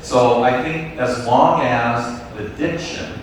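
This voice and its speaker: A man leading a teacher workshop, speaking in a relaxed, encouraging way and taking questions from the audience. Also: mid-range voice, slow pace. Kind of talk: conversational lecture with audience questions. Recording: echoey hall from far off, faint noise.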